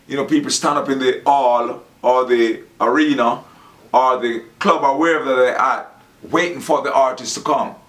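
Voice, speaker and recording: A man's voice: mid-range voice, a bit bright. A man talking in a rambling, preachy monologue, acting out the dialogue he quotes. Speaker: Rasta speaker. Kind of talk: casual monologue.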